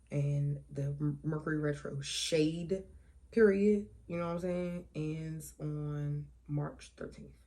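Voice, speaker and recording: A woman in her twenties hosts her own talk show in a low, gravelly voice. She talks loosely and profanely, full of asides and quick tangents. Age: 20s. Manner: loose, profane and animated, with frequent asides and laughs. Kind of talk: casual solo talk show.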